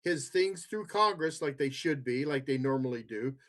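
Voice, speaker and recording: A man's voice: mid-range voice, animated, normal speed, fairly bright tone. A man co-hosting a podcast in a studio, chatting casually and making emphatic, jokey remarks. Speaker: podcast co-host. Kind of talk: casual political chat.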